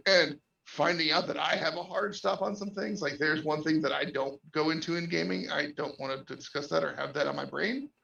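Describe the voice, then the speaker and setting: Guest game master, male, gravelly and a bit high-pitched, rambling chat, echoey far-off mic. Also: fairly quick, few pauses, bright, forceful tone. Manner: rambling, restarts often, laughs between points. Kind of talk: casual podcast chat. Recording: echoey distant dull-sounding audio.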